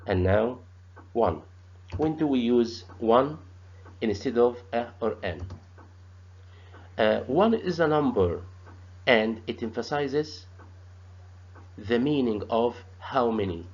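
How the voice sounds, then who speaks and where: Slow, halting male teacher. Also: mid-range voice, animated, a little mellow. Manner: slow, halting, repeats sounds and words. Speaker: English teacher. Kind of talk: grammar lesson. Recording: dull lo-fi sound.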